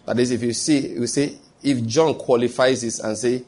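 A man's voice: medium pitch, steady tone, normal speed, darkish tone. A man preaching a sermon, often checking that his listeners follow him and restarting his phrases.

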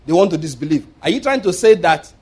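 A middle-aged Nigerian man preaching a sermon, telling stories and swinging between loud emphasis and quiet asides. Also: on the high side, big pitch swings, quick pace, breathy edge.

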